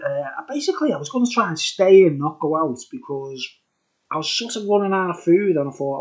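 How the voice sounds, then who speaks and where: A slightly tipsy man chats through a beer review in a rambling, jokey way, restarting his sentences as he goes. His voice sits a little higher than most men's. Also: expressive, normal speed, darkish tone. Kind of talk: casual vlog chat.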